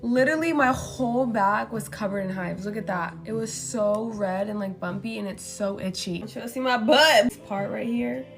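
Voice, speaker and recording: A woman's voice: medium pitch, normal speed, vocal fry, hardly any pauses, faint music behind. A young woman in her twenties chatting casually and swearing freely while doing her makeup and telling a story. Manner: chatty, profane, animated storytelling. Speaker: beauty vlogger.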